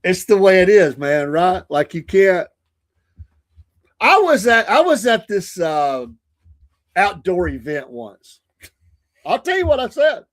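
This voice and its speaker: A man's voice: high voice, sing-song, slow pace, pauses often. A man co-hosting a casual livestream, reading viewer comments and telling rambling stories full of restarts. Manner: rambling storyteller with many restarts and fillers.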